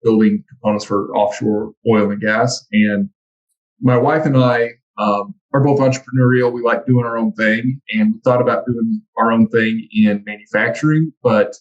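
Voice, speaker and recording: Casting: lower-pitched man, podcast guest, calm and matter-of-fact about his career. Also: normal speed, dull audio. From Texas. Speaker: guest, trade instructor. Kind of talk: conversational interview.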